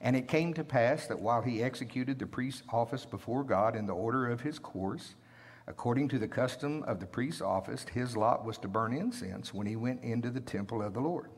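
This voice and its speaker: Man preaching in a church sanctuary; husky tone, scripture readings with quick joking asides. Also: medium pitch. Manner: reads scripture aloud, then makes joking asides. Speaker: pastor. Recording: long reverb of a church hall.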